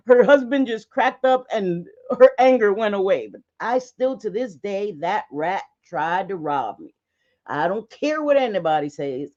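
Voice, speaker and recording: A woman hosts a casual livestream, mid-pitched and talkative, rambling through stories with easy laughs and plenty of swearing. The stream audio comes through somewhat dull and lo-fi. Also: expressive, moderate pace, a little mellow. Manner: chatty storytelling, swears freely; frequent laughs and restarts. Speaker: livestream host.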